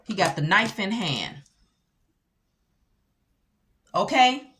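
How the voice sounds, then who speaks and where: A woman teaching scripture casually, animated and full of rhetorical questions. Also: medium pitch, normal speed, slight background noise. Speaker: Bible teacher.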